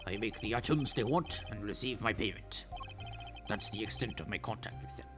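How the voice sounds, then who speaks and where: A man doing a hushed Russian-accented forger. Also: fairly quick, over music, natural voice. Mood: sly. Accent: put-on Russian. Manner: low, mumbling, hushed. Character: quiet sly male forger with a Russian accent. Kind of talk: reading game dialogue aloud.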